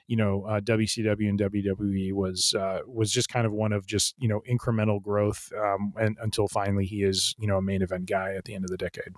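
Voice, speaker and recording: Heard in a dry recording, this man has a fairly low-pitched voice. He's a podcast co-host in a relaxed chat, wandering through his thoughts with plenty of fillers and restarts.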